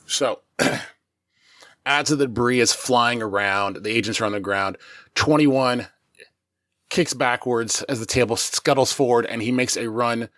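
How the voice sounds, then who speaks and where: A man narrates his tabletop character's daring moves in playful, movie-style detail. His voice is bright and forward, and the recording is dry and close with no room sound. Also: medium pitch, measured pace, dry recording. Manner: cinematic, playful action narration. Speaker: player.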